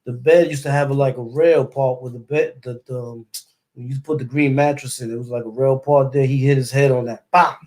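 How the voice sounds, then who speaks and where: A man's voice: medium pitch, steady tone, fairly quick, a little mellow. Man with a New York accent telling a story. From East New York, Brooklyn. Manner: loose street slang, repeats words and sound effects. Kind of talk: casual storytelling.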